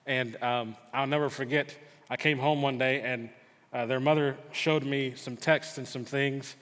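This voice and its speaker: Earnest middle-aged pastor in reverberant church. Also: male voice, mid-range voice, fairly even intonation, a little slow, a bit bright. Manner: earnest storytelling, frequent stammered restarts. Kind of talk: sermon with personal story. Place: church sanctuary. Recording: long hall reverb.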